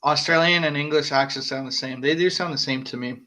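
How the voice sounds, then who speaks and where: A man co-hosting a casual podcast, playful and quick to laugh. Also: a little high, sharp tone. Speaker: podcast co-host. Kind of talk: casual banter among friends.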